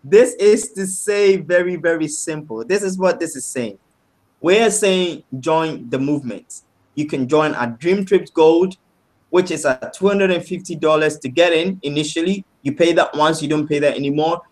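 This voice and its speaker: A man presenting a sales pitch on a webinar, upbeat and persuasive, often asking "right?" and calling the audience "guys". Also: moderate pace.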